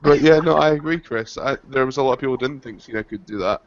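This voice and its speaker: A man co-hosting a casual wrestling chat, joking and quick to tease. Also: mid-range voice. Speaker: podcast co-host. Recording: dry, dull lo-fi audio.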